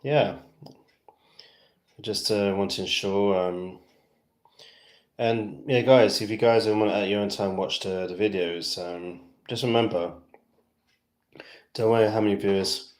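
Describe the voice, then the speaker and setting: A man's voice: lowish voice, steady tone, unhurried, pauses often, reverberant. A man from West London with a British accent, chatting casually to fans on his livestream, rambling with lots of fillers. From West London, England. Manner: rambling and chatty, heavy fillers, self-amused.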